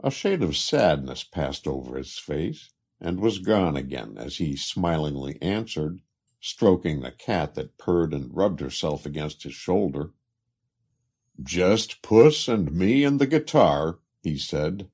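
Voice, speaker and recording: Deep, slow, husky male storyteller. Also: lively intonation, darkish tone. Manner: measured, literary. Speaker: narrator. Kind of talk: storybook narration.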